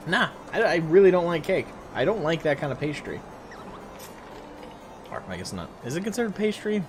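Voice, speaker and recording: A man's voice: on the high side, sing-song, fairly quick. A man streaming a game live, chatting casually and rambling to his viewers.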